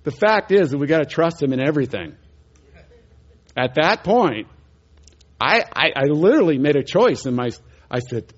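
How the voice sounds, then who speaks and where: Animated man telling a sermon story. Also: medium pitch, moderate pace, lo-fi sound. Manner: animated, chuckling storyteller, voices the people in his story. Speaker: preacher telling a testimony.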